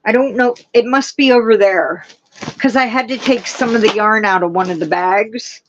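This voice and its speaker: A woman hosting a casual livestream, chatting and gushing with excitement. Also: fairly high pitch, normal speed, highs cut off, noisy background. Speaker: livestream host. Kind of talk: casual chat.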